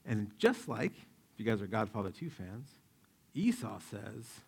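Gravelly-voiced pastor telling a story. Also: male voice, fairly low pitch, sing-song, unhurried. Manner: casual, storytelling, acts out quotes. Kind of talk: sermon.

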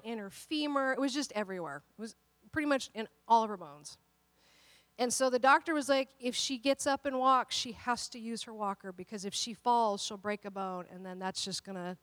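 A woman pastor in her thirties preaches with a high, bright-pitched voice, recorded dry and close with little room sound. She moves from quiet personal storytelling, acting out the voices in her story, to loud, emphatic calls to her listeners. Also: no echo. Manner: personal storytelling, quotes voices in dialogue, builds to emphatic exhortation. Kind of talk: sermon.

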